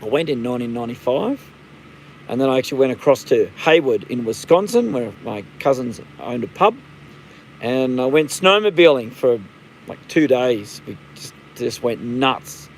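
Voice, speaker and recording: A man's voice: medium pitch, expressive, moderate pace, slight background noise, poor audio. Australian man, 50s, livestream host. Blunt, rambling, casually profane. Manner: rambling, blunt, swears freely. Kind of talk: casual live-stream chat.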